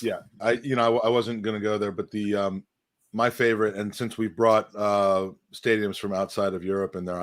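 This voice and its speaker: A man's voice: low-pitched, dry recording. Man, podcast co-host, casual chat, rambling with fillers, dry sound. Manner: rambling, frequent fillers and restarts.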